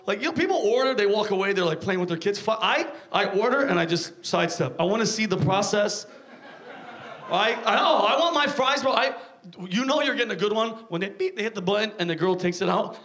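A man's voice: high-pitched, fairly bright tone. A man doing a stand-up comedy set, cursing, ranting and riffing with the crowd on a club stage. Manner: profane, ranting, acts out voices, riffs with the crowd. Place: comedy club stage before a live audience.

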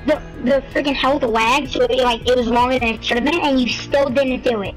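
A gamer loudly exclaiming and blaming a teammate during a team shooter match. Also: sits high, fairly even intonation, a little fast. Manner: loud, exclaiming, blames teammate. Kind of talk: excited gaming chat. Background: game music.

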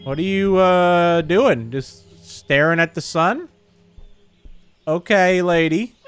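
Young male let's-play host, high excitable voice, faint game music behind. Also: takes it slowly. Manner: excitable, says dude a lot, talks to viewers. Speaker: gaming channel host.

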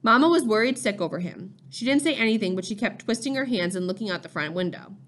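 A woman reads a first-person novel aloud as an audiobook. Her narration is steady and measured. The pacing is unhurried. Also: mid-range voice. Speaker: audiobook reader.

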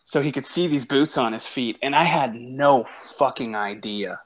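A man's voice: mid-range voice, a little slow. Blunt, sweary chat-show host man. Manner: blunt, profane, animated anecdotes. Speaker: host and podcast teacher. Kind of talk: casual chat.

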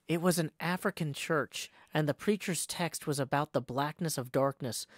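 A woman reading a classic novel aloud on a livestream, expressive and careful, with the odd stumble and self-correction. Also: lowish voice, no echo. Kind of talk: unhurried dramatic read-aloud.

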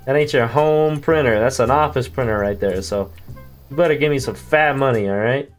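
A man commentates on a game in a relaxed way, trading slangy, profane jokes with the on-screen characters. He speaks at a moderate pace with a medium-pitched voice, and soft music plays in the background.

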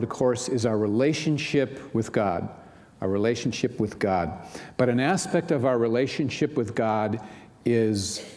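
A man's voice: fairly low pitch, darkish tone. Conversational male pastor in a reverberant hall. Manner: conversational, many "you know" asides. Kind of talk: sermon.

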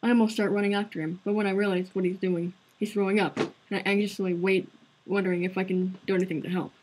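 A woman's voice: mid-range voice, level tone, fast, a little mellow, slight background noise, poor audio. A woman streaming a visual novel, narrating its story aloud in an earnest, conversational way. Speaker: game streamer.

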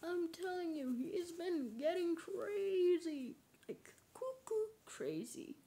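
Woman doing a silly skit, high lively voice, drawls slow, squeals a lot, light hiss behind.

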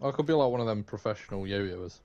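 A man's voice: lowish voice, animated, quick pace, dull audio, noisy background. A man chatting playfully with friends during an online game. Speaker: gaming teammate. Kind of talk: casual gaming chat.

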